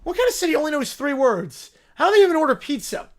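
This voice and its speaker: A man's voice: very high voice, very animated, fast, pitched above the performer's own voice. A man doing a whiny spoiled little furry royal. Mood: demanding. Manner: whining, petulant, demanding. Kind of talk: read-aloud donation story.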